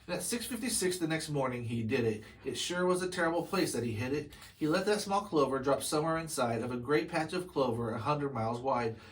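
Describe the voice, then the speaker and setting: A man reading a picture book aloud as the storybook reader, pausing to comment to his listeners. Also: fairly high pitch, animated, rough recording.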